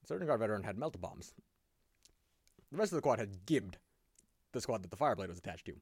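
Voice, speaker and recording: Guy hosting a podcast, super animated, cusses a lot, laughs through his stories, dry sound. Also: lowish voice, quick pace, husky, no echo. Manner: animated storytelling, swears often, laughs a lot. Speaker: podcast host. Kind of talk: casual chat.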